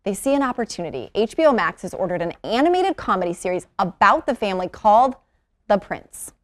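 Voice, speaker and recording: A woman's voice: mid-range voice, big pitch swings, fairly quick. A woman co-hosting a morning TV show, reading entertainment news and chatting with wry asides. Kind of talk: news segments and studio chat. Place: TV studio.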